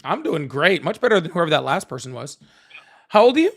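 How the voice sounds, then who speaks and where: A man hosting a live call-in political stream, animated, laughing often and thanking viewers. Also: a little high, a little fast, vocal fry. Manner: apologetic, excitable. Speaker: livestream host.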